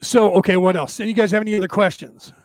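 Man with a high voice, host chatting to viewers, rambling and casual, dry close sound. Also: fairly even intonation, quick pace, no room sound. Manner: rambling, with frequent "right?" check-ins. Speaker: spiritual talk host answering viewers. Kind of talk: casual storytelling and explanation.

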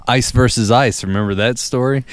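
A man's voice: mid-range voice, unhurried, background noise. A man co-hosting a casual podcast chat, laid-back and joking. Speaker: podcast co-host.

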